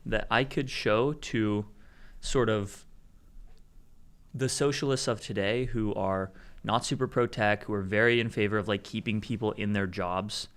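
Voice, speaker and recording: A man co-hosting a live tech news show, calmly laying out arguments with examples in a casual commentary style. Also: fairly low pitch, measured pace, clean tone. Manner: explanatory, builds arguments with examples. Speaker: co-host.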